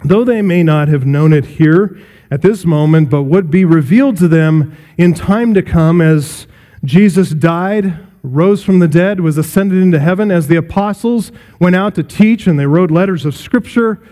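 A man preaching an expository sermon, emphatic and slowing down to stress key phrases. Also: on the high side, warm tone, long reverb tail.

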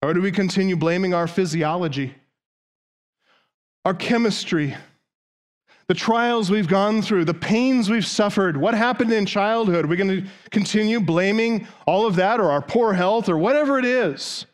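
A man's voice: high voice, moderate pace. A man preaching a sermon, driving his point with long runs of rhetorical questions. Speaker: pastor.

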